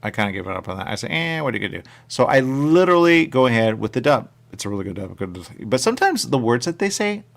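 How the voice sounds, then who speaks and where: A man's voice: mid-range voice, fast talker, gravelly, few pauses. A male radio show host chatting casually and rambling, repeating his catchphrases. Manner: repetitive, animated, catchphrase-heavy. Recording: radio studio mic.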